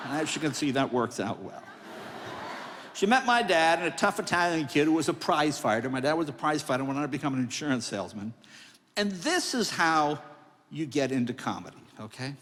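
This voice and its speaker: Older stand-up man, sixties, high lively voice, long hall reverb, plays out the characters. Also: a little fast, a little hiss or hum. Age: 60s. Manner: animated, acts out voices of family and others. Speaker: comedian. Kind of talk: stand-up storytelling speech. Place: large hall on stage.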